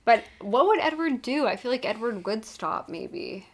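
A woman's voice: on the high side, expressive, moderate pace. A young woman co-hosting a casual chat, playful and chatty, reading a book aloud. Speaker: podcast co-host.

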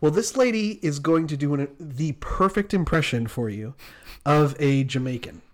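A man's voice: on the high side, animated, normal speed. Bubbly man co-hosting a chat show. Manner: bubbly, laughs often. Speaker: podcast co-host. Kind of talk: casual chat.

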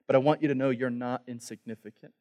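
A male pastor preaching a sermon, dropping to a hushed voice on key words. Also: medium pitch, steady tone, quick pace, dull audio.

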